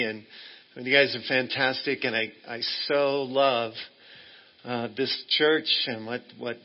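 A man's voice: medium pitch, steady tone, measured pace, dull audio. A man preaching as a guest in a church, friendly and joking, talking in a loose, rambling way, living in Texas. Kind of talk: sermon.

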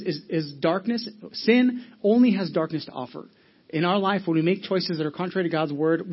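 A man's voice: on the high side, slightly rough, highs cut off. A male pastor preaching a sermon in a conversational way, telling stories with lots of restarts. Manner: conversational, animated storytelling with frequent restarts.

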